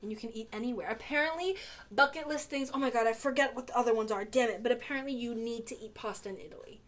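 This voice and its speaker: A young woman trading would-you-rather questions in a relaxed chat, lively and quick to laugh. Her voice sits fairly high. She drops Spanish words into her English now and then. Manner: animated, laughs often, mixes in Spanish. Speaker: podcast co-host. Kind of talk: casual chat.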